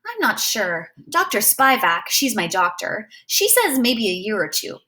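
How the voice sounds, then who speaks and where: A woman's voice: mid-range voice, very animated, a little slow, pushed and bright. A woman reading as a small bossy clever boy. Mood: calm. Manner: grand, old-fashioned phrasing.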